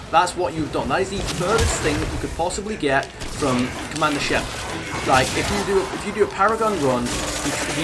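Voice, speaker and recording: A young man streaming a game, chatting casually in a rambling, halting way. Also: fairly high pitch. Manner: rambling, halting, talks over gameplay. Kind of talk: casual gaming stream chat. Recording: noisy background.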